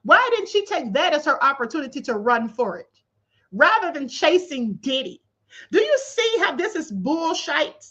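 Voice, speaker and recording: Reading a court filing on her livestream, this host has a high-pitched, somewhat bright voice. She picks the document apart with disbelieving sarcasm, laughing incredulously, and her livestream setup gives a lo-fi sound.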